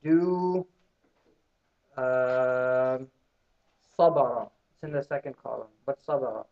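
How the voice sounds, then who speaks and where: A man's voice: fairly high pitch, lively intonation, fairly quick, gravelly, warm tone. A man teaching beginners Arabic in a classroom, drilling students with call and response. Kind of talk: classroom lesson. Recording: muffled lo-fi classroom recording.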